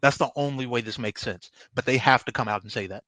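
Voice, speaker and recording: This is a man ranting on a podcast, his voice bright and forceful, with a lot of swearing and raw frustration. The sound is dry and close, with no room around it. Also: mid-range voice, fast talker, no room sound. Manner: angry, profane ranting. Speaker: guest. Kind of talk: heated casual podcast chat. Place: remote video call.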